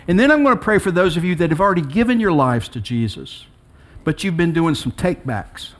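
A man preaching with a somewhat high voice that swings widely, climbing sharply for emphasis. He tells stories by acting out the dialogue. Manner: animated storytelling with acted-out dialogue; pitch leaps high for emphasis. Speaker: pastor. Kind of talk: sermon.

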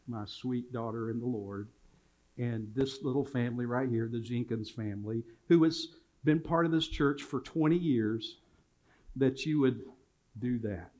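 An older pastor with a medium-pitched, darkish voice preaches in a church sanctuary. He shares family stories and repeats key phrases for emphasis.

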